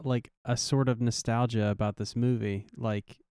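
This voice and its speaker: Earnest man with a smooth voice. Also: mid-range voice, fairly even intonation, normal speed, mellow, no echo, studio quality. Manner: earnest, rambling with fillers. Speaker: podcast co-host. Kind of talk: casual podcast chat.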